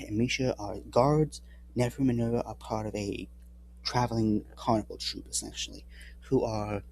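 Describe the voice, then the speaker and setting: A man's voice: medium pitch, mellow, slight background noise. A man casually recapping his tabletop game campaign, rambling and often correcting himself mid-sentence. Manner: rambling with frequent restarts and self-corrections. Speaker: tabletop game player and channel host.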